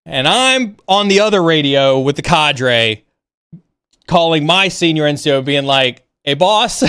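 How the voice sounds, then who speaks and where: A man hosting a livestream, casually telling a story in an animated way with many halting restarts. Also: smooth, no room sound, studio quality. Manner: animated, rising pitch when excited. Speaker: livestream host.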